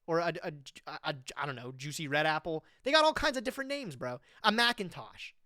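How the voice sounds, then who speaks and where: The voice is medium-pitched and a little fast, captured dry with clean studio sound. It belongs to a streamer in their twenties casually and animatedly chatting live, full of slang and "bro," reading web text aloud and weighing in on it.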